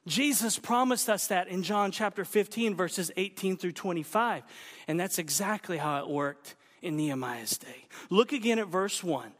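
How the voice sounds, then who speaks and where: A man preaching a sermon with a high voice. He mixes playful jokes into the teaching and leans hard on key words. A long reverb trails behind him, as in a church hall. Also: moderate pace. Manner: playful, jokey asides with lively emphasis. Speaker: pastor.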